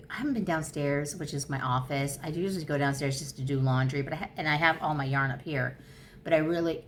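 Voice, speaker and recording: A woman's voice: low voice, slight background noise. Bubbly rambling woman in her fifties. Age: 50s. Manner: bubbly, rambling, easily excited. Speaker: crochet vlogger. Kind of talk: casual chat. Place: her home.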